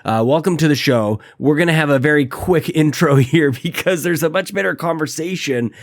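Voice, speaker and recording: A man's voice: fairly high pitch, normal speed. A man hosting a podcast while sick, short of breath from a cough, talking in a rambling, self-deprecating, upbeat way. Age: adult, married. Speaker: podcast host. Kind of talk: casual podcast chat.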